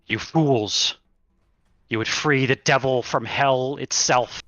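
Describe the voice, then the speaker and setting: A wrathful knight commander hurls booming accusations, as a man puts him on. The voice is bright and forceful, slow, dry and close, on a slightly muffled lo-fi recording. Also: no echo. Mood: angry.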